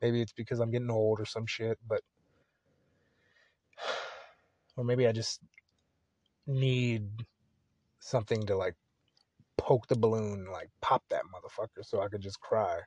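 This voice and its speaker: A man's voice: lowish voice, steady tone, measured pace, long pauses, darkish tone, dry recording. A young man hosting a solo podcast, talking casually in a rambling, profane, laid-back way. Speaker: podcast host.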